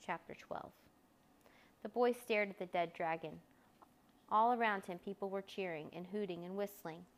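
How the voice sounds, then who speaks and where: A woman narrating a children's storybook as a scripted reading, expressive and lively, lifting her voice when the story's crowds cheer. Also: mid-range voice, normal speed.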